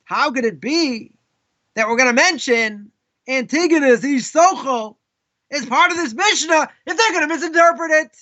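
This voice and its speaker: A man's voice: very high-pitched, lively intonation, normal speed, bright, forceful tone. A man with a Boston accent, a rabbi giving a live Torah class, telling stories and acting out people's questions in quoted voices. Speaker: rabbi teaching.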